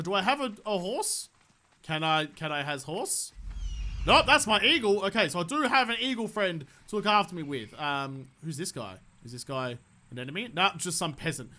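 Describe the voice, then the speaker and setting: An Australian man commentating his gameplay, excitable, joking and swearing a lot. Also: sits high. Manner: excitable, profane, jokey. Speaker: gaming YouTuber. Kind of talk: let's play commentary.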